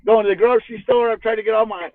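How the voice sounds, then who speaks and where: Man, high lively voice, thin phone-like line, rambling and giggly. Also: rapid-fire, dry recording. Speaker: panelist. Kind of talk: casual chat. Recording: tinny call audio.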